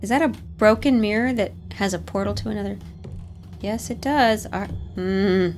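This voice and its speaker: A woman's voice: mid-range voice, normal speed, a little mellow, slight background noise. A young woman commenting on a horror game, jumpy and nervous, swearing and talking herself through scares. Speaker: gaming streamer.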